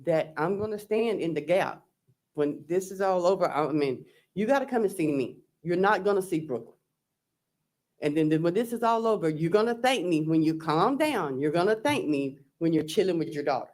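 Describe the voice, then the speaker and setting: A woman testifying in court, speaking slowly and haltingly as she reads her messages aloud. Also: fairly low pitch, lively intonation, a little mellow. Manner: slow, halting, recounting texts aloud. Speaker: trial witness, defendant. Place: courtroom witness stand.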